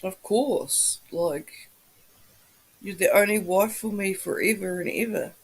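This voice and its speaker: Gravelly, just-woke-up streamer voice. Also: mid-range voice, slow pace. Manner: greets viewers by name, friendly and chatty. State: just woken up, morning voice. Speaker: livestream host. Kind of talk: casual chat with viewers.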